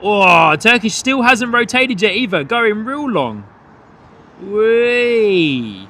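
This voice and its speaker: A man hosting a live plane-spotting stream from a hotel above the runway, excitedly calling out departures and greeting viewers. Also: high voice, unhurried, slight background noise. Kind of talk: live commentary. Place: hotel third floor overlooking an airport runway.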